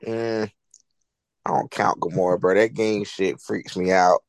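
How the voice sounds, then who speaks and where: A man's voice: low-pitched, fairly even intonation, measured pace, creaky, no echo. A man from North Carolina with a North Carolina accent, co-hosting a casual film podcast, blunt and crude and laughing a lot. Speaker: podcast co-host. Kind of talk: casual chat.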